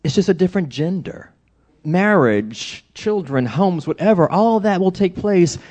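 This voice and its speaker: A man's voice: sits high, a little slow. A middle-aged man, a pastor, preaching a sermon and telling stories with acted-out quotes. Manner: animated storytelling with acted-out quotes.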